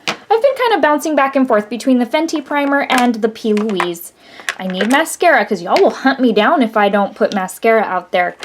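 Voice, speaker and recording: Woman, casual makeup vlog chat, rambling, fairly high voice. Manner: chatty, rambling, laughs often. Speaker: beauty vlogger.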